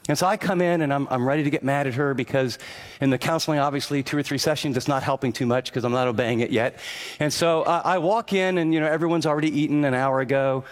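A man's voice: mid-range voice, fast. A man preaching a sermon in an earnest, conversational way, often stumbling and repeating words. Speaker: pastor.

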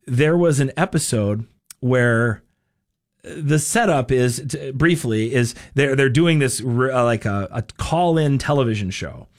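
A man's voice: mid-range voice, lively intonation, measured pace. A middle-aged man hosting a radio show, telling stories in a chatty, casual way and laughing often. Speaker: radio host. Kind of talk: casual talk-radio chat.

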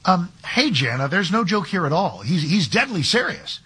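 Radio talk host, husky conversational man. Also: high-pitched, sing-song, normal speed, a bit bright. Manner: conversational, sarcastic asides, frequent restarts.

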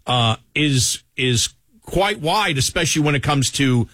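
A man's voice: medium pitch, expressive, measured pace, fairly bright tone, dry recording. A man with a Buffalo accent hosting a radio talk show in casual, conversational chat, with lots of "you know".

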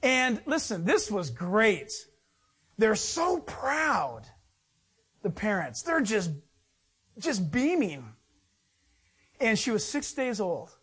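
Animated high-voiced male preacher. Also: slow, long pauses, slightly rough. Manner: storytelling, animated, acts out voices in anecdotes. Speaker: pastor. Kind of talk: sermon.

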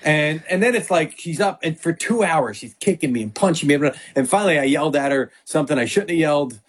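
A middle-aged man talks sports and family stories as a guest. His voice is husky and a bit high for a man, and it jumps around a lot. He acts out the other people in his stories. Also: brisk. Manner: animated storyteller, acts out quotes. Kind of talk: casual sports talk.

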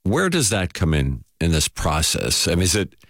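A male host with a very low voice that still moves a lot in pitch asks questions haltingly, restarting his phrases. The recording is dry. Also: wildly swooping pitch, a bit bright, dry recording. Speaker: interview host. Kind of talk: conversational interview.

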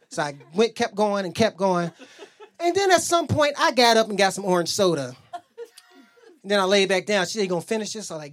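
Stand-up comic with a lively, swinging delivery. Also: male voice, sits high, brisk. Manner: loose storytelling, acts out both sides of arguments. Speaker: stand-up comedian. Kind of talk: stand-up set. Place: comedy club stage.

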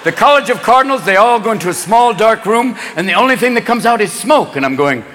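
A man doing a stand-up comedy routine on stage, manic and rapid-fire, jumping in and out of voices. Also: high-pitched, lively intonation, fairly bright tone. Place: large theater on stage. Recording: echoey hall, audience laughter and ambience.

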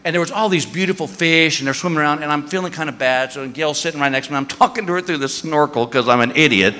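A man's voice: a little high, fast talker. A man doing stand-up comedy, telling a story and acting out the people in it with big screams. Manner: animated, acting out voices and screams. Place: comedy stage before a live audience. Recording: echoey venue with long reverb.

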